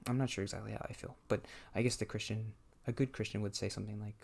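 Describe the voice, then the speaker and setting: A man thinks aloud while he plays a game on a desk mic. His voice sits fairly low and has a gravelly fry. He talks haltingly and often circles back to restart a thought. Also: steady tone, darkish tone. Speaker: gameplay commentator. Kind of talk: casual talk while playing a game.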